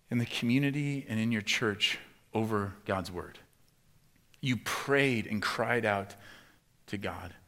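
A young man preaching with a bright, forward voice. He gets loud and animated when he acts out someone's frustrated questions, then settles into a quiet, earnest delivery. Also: fairly low pitch. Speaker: pastor. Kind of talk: sermon.

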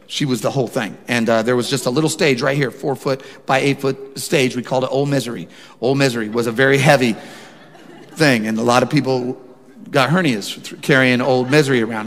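Animated male pastor preaching in a hall. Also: on the high side. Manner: storytelling, animated, rising to emphatic preaching. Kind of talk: sermon. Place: church sanctuary. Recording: long church hall reverb.

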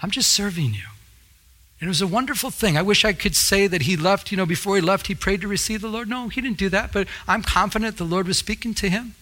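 Male pastor, sermon delivery, fervent and repetitive, bright tone. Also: high-pitched, fast. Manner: fervent, repeats phrases for emphasis. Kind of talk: preached sermon.

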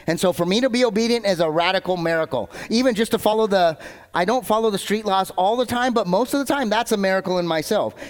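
A man's voice: sits high, in a large hall. A man preaching a casual sermon from a church stage, rambling and self-deprecating as he jumps between tangents. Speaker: pastor.

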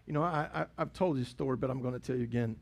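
A man's voice: mid-range voice, racing, vocal fry. A middle-aged man, a pastor preaching a sermon in a chatty storytelling way. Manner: storytelling, conversational preaching with acted dialogue.

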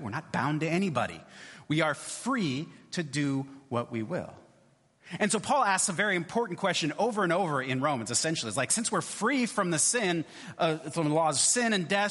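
A man's voice: on the high side, a bit bright, breathy edge, in a large hall. A male pastor giving a conversational sermon in church, often checking in with his listeners. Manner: conversational, repeats "right?" often.

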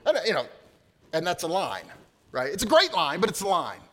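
A man preaching a sermon, building to loud emphatic peaks and then dropping to a near hush. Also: fairly high pitch, huge pitch swings, fairly quick. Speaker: pastor.

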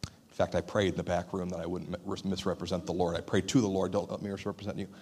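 A man preaching a sermon as pastor, in an animated, conversational way. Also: low-pitched, fast, husky. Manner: animated, conversational, acts out quoted voices.

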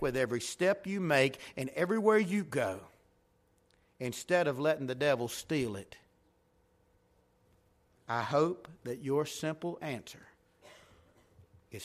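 A man's voice: fairly high pitch, animated, unhurried, pauses often, a bit bright. A man preaching a revival sermon as pastor in a church sanctuary, emphatic, swelling and dropping in intensity.

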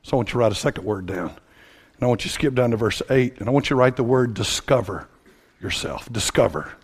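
A man from Tennessee, preaching a sermon in a folksy, animated storytelling way that swings up to shouting. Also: medium pitch, a little fast, slightly rough.

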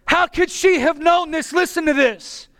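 A man preaching a sermon with passion, often rising to a shout. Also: extremely high pitch, normal speed, no room sound. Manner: impassioned, bursts into shouting.

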